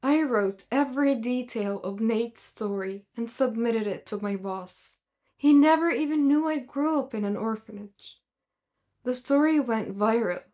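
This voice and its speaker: A woman's voice: fairly high pitch, a little slow, darkish tone. A young woman narrating her own story in the first person, in an earnest, plain manner.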